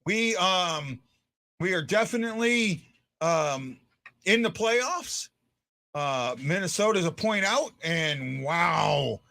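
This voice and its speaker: A man hosting a casual fan post-game chat, his voice a little higher than most men's and very bright. He stumbles and restarts his words often as he talks things through, moving between disbelief and excitement. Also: slow pace, gravelly. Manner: swings from stunned to excited.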